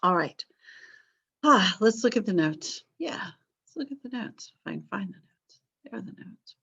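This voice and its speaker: A woman's voice: medium pitch, lively intonation, moderate pace, creaky, sharp tone, slightly rough, lo-fi sound. Chatty middle-aged woman teaching history. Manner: chatty, informal, with asides and fillers. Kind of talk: online class lecture. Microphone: video call.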